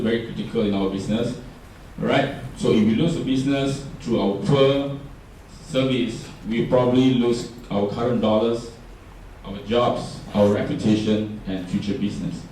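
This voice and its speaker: The voice is a man's, lowish and somewhat dark, with a steady tone and moderate pace, and he has a Singaporean English accent. He gives a chatty workshop presentation, often quizzing his audience. The recording has roomy echo from a far-off mic plus a slight hiss or hum.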